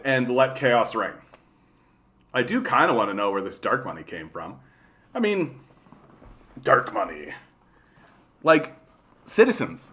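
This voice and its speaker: A man's voice: medium pitch, pushed and bright. A Canadian man hosting a livestream, ranting casually and profanely, with constant "like" and "right?". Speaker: livestream host. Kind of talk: casual political rant.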